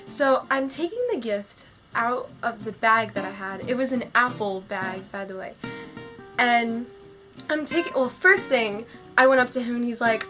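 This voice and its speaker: A young woman vlogger telling a story in a gushing, excitable way, full of "like" fillers. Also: fairly high pitch, normal speed. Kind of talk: storytelling vlog. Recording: music playing under the voice.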